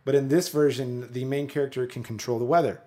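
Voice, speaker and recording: A man co-hosting a podcast in casual chat, chatty and quick to laugh, with plenty of ums. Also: mid-range voice, fairly even intonation, dark tone. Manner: chatty, laughs often, frequent fillers. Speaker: podcast co-host.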